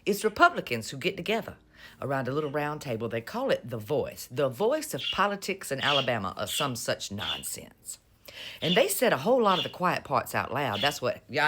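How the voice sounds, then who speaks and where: Sarcastic woman with a lively pitch. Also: normal speed, a little hiss or hum. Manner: sarcastic, mocking, drawling. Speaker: vlogger. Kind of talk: casual political commentary.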